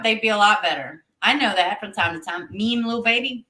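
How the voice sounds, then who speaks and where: A woman's voice: mid-range voice, fairly quick, hardly any pauses, bright, forceful tone, echoey room. A woman hosting a casual livestream, chatting with viewers, reading their comments aloud and laughing often. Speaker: livestream host reading chat.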